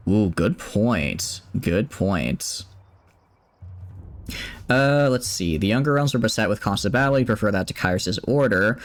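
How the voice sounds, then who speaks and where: A man's voice: lowish voice, expressive, measured pace. A man giving casual commentary as he streams a game, thinking aloud in a chatty way.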